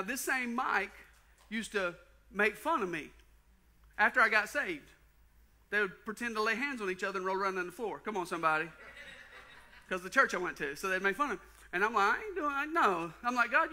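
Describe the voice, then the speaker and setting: Bright-voiced pastor telling stories. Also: male voice, sits high. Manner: storytelling, animated, folksy asides to the congregation. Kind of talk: sermon with personal story. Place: church sanctuary.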